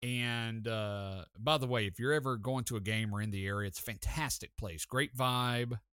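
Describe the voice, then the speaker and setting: A man hosting a sports talk show, telling stories in an excited, chatty way. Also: mid-range voice, normal speed, smooth, no echo, studio quality. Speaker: sports podcast host. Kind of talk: casual sports talk storytelling.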